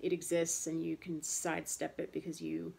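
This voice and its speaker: In a completely flat, dark-toned delivery at moderate pace, a woman in her thirties talks about chronic pain for her vlog. Her voice is low and gravelly, and her casual monologue rambles with fillers and restarts, frustrated and candid, looping over the same point.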